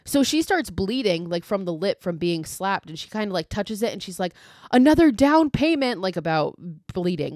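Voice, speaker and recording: A woman's voice: lowish voice, no echo, clean studio sound. A young woman hosting a podcast, casually recapping a film with lots of swearing and quoted lines. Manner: profane, animated retelling with quoted lines. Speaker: podcast host.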